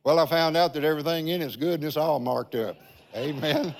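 A man's voice: a little high, a little fast, vocal fry. Older preacher man with a ringing hall echo. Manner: folksy testimony storytelling, often calling out "Amen". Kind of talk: sermon. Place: large church sanctuary. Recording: long church-hall reverb.

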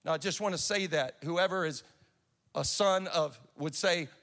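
A man preaching in a church with a gravelly, slightly raised voice. He tells his story earnestly and stumbles over his own restarts. A long echo rings off the hall around him. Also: a little high, normal speed, fairly bright tone. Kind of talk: sermon with personal storytelling. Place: church sanctuary.

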